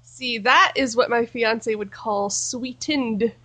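High-voiced woman explaining casually. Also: slow pace, sharp tone. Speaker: podcast co-host. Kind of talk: casual chat.

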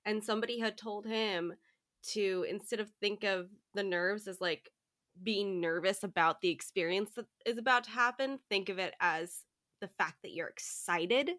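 Bright, dry-sounding woman podcast host. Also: mid-range voice, no echo. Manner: chatty and quick to laugh. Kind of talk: casual interview chat.

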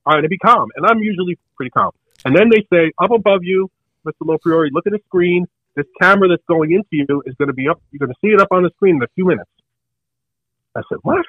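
An older man telling a story casually on a podcast, animated, and acting out the people in it. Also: high-pitched, quick pace, no echo, narrow, tinny audio. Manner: animated, acts out the other people in his story.

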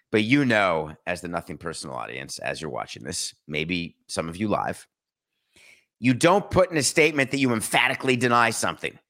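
A man's voice: medium pitch, a bit bright. A man hosting a sports talk show, delivering an opinionated monologue full of rhetorical questions and sarcasm.

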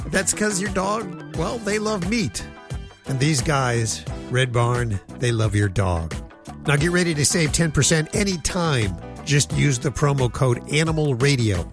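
Upbeat male radio host reading a sponsor spot. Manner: upbeat salesy pitch. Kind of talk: live-read sponsor spot. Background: music bed.

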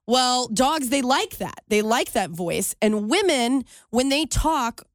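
A woman co-hosting a casual radio show, telling stories in an animated way. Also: a little high, slow, no room sound, studio quality. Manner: animated storyteller, laughs often. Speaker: radio co-host.

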